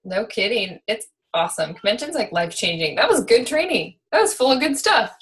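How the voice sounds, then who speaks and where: A woman's voice: a little high, sing-song, fairly quick, a bit bright, low-quality recording. A woman hosting a team call, enthusiastically praising speakers and handing off to the next one. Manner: enthusiastic, encouraging. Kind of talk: casual hosting.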